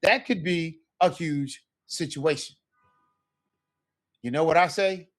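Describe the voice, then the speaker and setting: A man's voice: on the high side, slow, a bit bright. A man teaching a casual Spanish lesson, talking loosely and checking in with "right?" as he acts out sample phrases.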